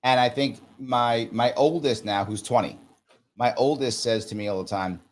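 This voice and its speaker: A man in his forties from the United States, a management consultant talking as a podcast guest, emphatic and fond of acting out little exchanges. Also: normal speed. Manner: emphatic, acts out little dialogues with rising pitch. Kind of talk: casual conversation.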